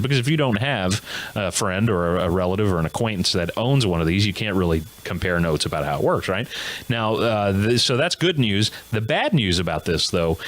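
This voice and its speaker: Lively-voiced man hosting a comedy monologue. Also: lowish voice. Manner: jokey, laughs at his own gags. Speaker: comedy show host.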